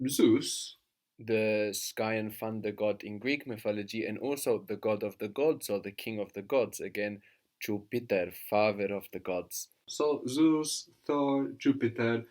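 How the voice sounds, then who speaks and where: A man's voice: on the low side, a little slow, a little mellow. A man teaching a language lesson, patiently explaining words and prompting his student to translate.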